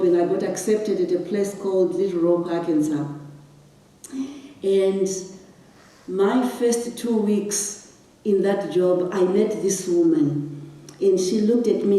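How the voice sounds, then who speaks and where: Telling a moving personal story on stage, a Zimbabwean guest speaker builds toward impassioned questions. She has a medium-pitched, dark-toned voice, and the distant mic picks up the echo of the large hall.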